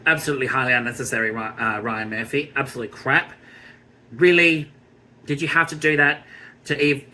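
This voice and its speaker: An Australian man giving a blunt, scornful TV review rant, swearing freely and filling pauses with ums. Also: medium pitch, bright, forceful tone, rough recording. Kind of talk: ranting review vlog.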